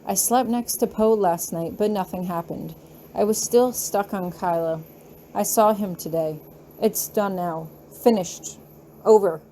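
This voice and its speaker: A woman voicing a young heroine who is steady and resolved, read in an earnest, measured way. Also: medium pitch, a little hiss or hum, lightly acted.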